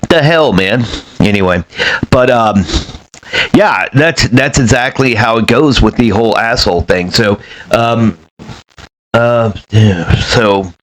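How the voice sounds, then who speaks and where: Blunt, profane man with a low voice. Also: slow, poor audio. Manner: blunt, profane, rambling with many fillers. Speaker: former self-storage manager. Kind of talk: casual storytelling monologue.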